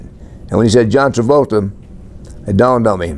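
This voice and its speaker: Man, 80s, deep-ish and warm, unhurried plainspoken interviewee. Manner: laid-back, plainspoken, lists things matter-of-factly. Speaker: country singer being interviewed. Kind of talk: relaxed storytelling interview.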